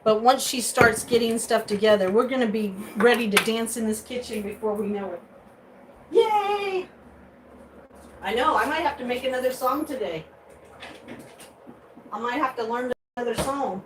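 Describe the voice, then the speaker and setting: A woman vlogger chatting casually with viewers from her kitchen, rambling and animated, breaking into high excited squeals. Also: fairly quick, background noise. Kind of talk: casual live chat. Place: home kitchen.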